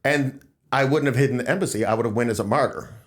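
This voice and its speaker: A man's voice: mid-range voice, fast talker. A man hosting a casual political podcast, talking in an emphatic, rambling way. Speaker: podcast host.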